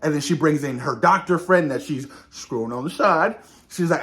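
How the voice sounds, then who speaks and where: A man hosting a reaction video, reviewing a TV episode in a casual, excited way, often calling out to viewers and acting out characters' lines. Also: on the high side, moderate pace. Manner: animated, addresses viewers as "you guys", acts out characters' lines.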